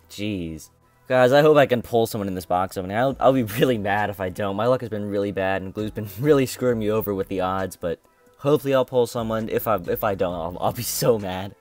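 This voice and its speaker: A man's voice: lowish voice, moderate pace, a little mellow, faint music behind. Young man grumbling over a game box opening. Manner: frustrated, complaining, repeats himself. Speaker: gaming channel host.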